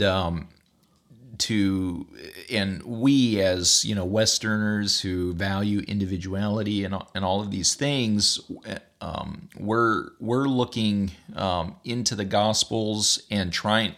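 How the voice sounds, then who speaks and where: Lower-voiced man, halting and earnest. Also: a bit bright. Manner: halting, repeats words and restarts. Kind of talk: conversational Bible discussion.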